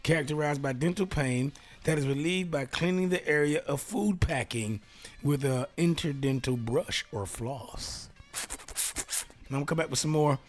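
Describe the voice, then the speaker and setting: A man's voice: on the high side, measured pace, faint music behind. A man hosting a casual solo talk show, reading aloud and joking around, laughing often and dropping into whispered asides. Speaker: radio host.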